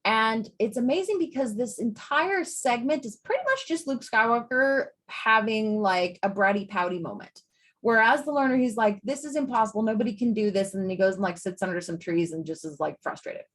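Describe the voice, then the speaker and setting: A woman's voice: a little high, animated, moderate pace, a bit bright. A woman psychiatrist giving a grand rounds lecture to medical trainees. She speaks in an emphatic, conversational way and often drops in casual "like" asides. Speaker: psychiatrist and residency training director.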